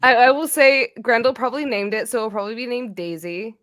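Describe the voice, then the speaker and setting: A woman playing in a tabletop game who chats in an animated way and narrates what her character does. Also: on the high side, fairly quick, dry recording. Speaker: player. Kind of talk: tabletop role-play.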